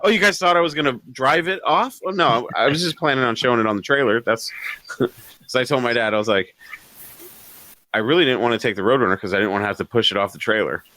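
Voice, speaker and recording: A man co-hosting a live podcast, telling a story in an animated, profane way and chuckling between phrases. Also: mid-range voice, quick pace, long pauses. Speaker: podcast co-host.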